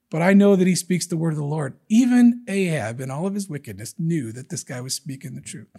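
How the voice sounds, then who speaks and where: A man's voice: fairly high pitch, a little fast, few pauses. A man preaching a sermon, walking through a scripture passage and acting out the characters' lines in changing voices. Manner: animated, acts out quotes from scripture in different voices.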